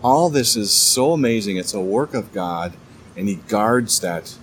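A man giving a casual devotional Bible talk, enthusiastic but halting, often stammering and restarting his sentences. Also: on the low side, expressive, slight background noise. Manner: enthusiastic, keeps calling things cool. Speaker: Bible teacher.

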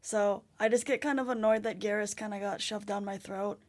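A young adult woman co-hosting a podcast, who talks hesitantly in casual chat and trails off into quiet asides. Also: medium pitch, steady tone, a little fast.

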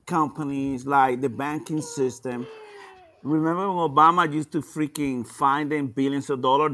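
A man's voice: mid-range voice, fairly bright tone. A man with a foreign accent, a veteran arguing politics in heated casual talk and cutting in on others. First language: not English. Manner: heated, swearing, talks over others. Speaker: veteran caller.

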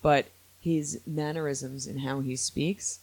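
A man hosting a podcast in casual chat, opinionated and animated, quick to laugh. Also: medium pitch, creaky, slightly rough. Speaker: podcast host.

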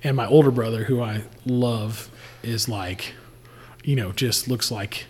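A man's voice: mid-range voice, unhurried, a little mellow, big-room sound, a little hiss or hum. A man telling stories in casual podcast chat, rambling with fillers and laughing often. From Indiana. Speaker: distiller. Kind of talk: casual storytelling.

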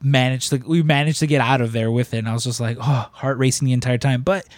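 A man hosting a podcast, telling a story in a casual, animated way and acting out the people he quotes. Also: medium pitch, fast talker, no room sound, clean studio sound. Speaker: podcast host.

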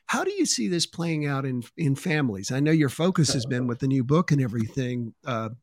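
A man's voice: mid-range voice, sing-song, a little fast, no echo, studio quality. A man hosting a podcast interview, thinking aloud and building his points in lists. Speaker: podcast host. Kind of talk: interview conversation.

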